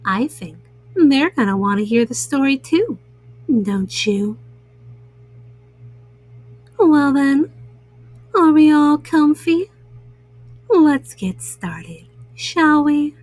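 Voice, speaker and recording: Slow gentle woman reading bedtime stories. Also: high voice, animated, dry recording, rough recording. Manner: gentle, soothing, speaking to children. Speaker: children's storyteller.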